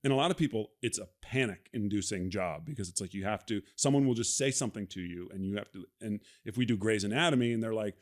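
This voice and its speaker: A man's voice: lowish voice, fast, hardly any pauses. A middle-aged man in casual conversation as a podcast guest, telling stories animatedly and acting out quoted lines. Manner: animated storyteller, acts out quoted lines with laughs.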